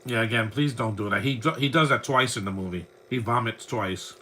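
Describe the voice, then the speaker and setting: A man's voice: mid-range voice, brisk, sharp tone, slight background noise, rough recording. A man around forty, a podcast host, chatting in a rambling way as he watches a movie and comments on it. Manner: rambling, chatty fan talk.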